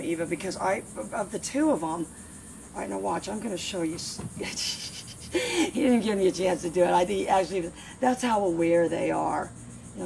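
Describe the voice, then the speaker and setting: Training her dog outdoors amid plenty of noise, a woman with a mid-range voice and vocal fry chats casually. The demo talk is playful, with repeated sing-song phrases.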